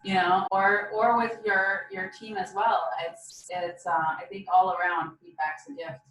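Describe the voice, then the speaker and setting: A woman's voice: mid-range voice, fairly even intonation, measured pace, a bit bright. A woman guest in a casual podcast interview, speaking thoughtfully in a loose, reflective way. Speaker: interview guest, marketing manager. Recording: echoey, distant, faint background noise.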